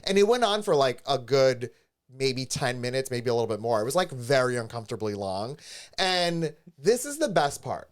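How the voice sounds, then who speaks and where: A man's voice: medium pitch, big pitch swings, normal speed. A man co-hosting a podcast, telling a story animatedly in casual chat and acting out the voices of the people he quotes. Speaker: podcast co-host. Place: studio with a live stream.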